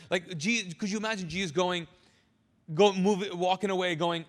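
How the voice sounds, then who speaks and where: A man preaching a sermon as pastor, animated and drawing answers out of his congregation. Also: high voice, normal speed, long reverb tail. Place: church sanctuary.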